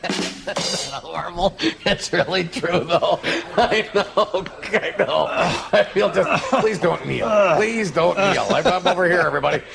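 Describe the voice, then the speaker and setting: A man's voice: high voice, unhurried, creaky, over music. A man hosting a late-night horror movie show, rambling through playful stories and jokes in loose studio banter.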